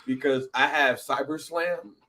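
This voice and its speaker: A man, co-hosting a casual podcast, talking excitedly with frequent laughs and high, animated bursts. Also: a little slow, slight background noise. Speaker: podcast co-host.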